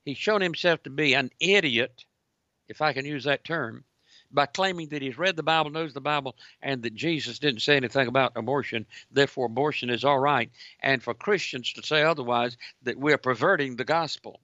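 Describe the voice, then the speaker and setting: A man's voice: medium pitch, brisk, pushed and bright, no room sound. A man hosting Christian call-in talk radio, giving indignant, preaching commentary. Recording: dull lo-fi broadcast audio.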